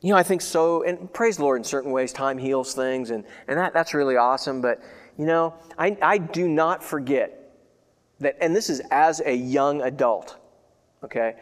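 A man preaching a sermon as a pastor, talking in a conversational, earnest way, repeating himself and swinging between loud declarations and hushed remembering. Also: on the high side, moderate pace. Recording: hall with long reverb.

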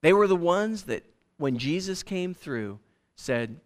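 A pastor preaches a sermon in a high voice at a slow pace. His delivery is animated and conversational, with frequent restarts.

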